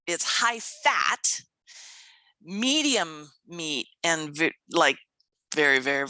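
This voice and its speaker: A woman's voice: fairly low pitch, dry recording, rough recording. A woman in her fifties co-hosting a podcast, chatting casually and enthusiastically and laughing often. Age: 50s. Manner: animated and enthusiastic, laughs often, acts out quoted voices. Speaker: podcast co-host. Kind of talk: casual chat.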